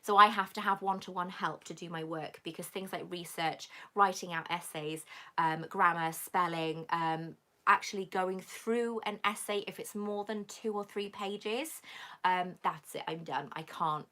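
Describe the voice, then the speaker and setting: A woman from Britain hosting a casual live-stream Q&A, reading viewer comments aloud and gushing warmly back at them. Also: lowish voice, unhurried. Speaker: YouTube host answering viewer comments.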